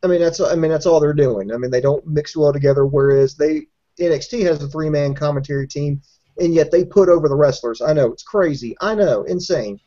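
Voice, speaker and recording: A man's voice: fairly high pitch, a little fast, dark tone, muffled recording. Sarcastic, profane man on a podcast. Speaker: podcast co-host. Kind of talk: casual wrestling podcast chat.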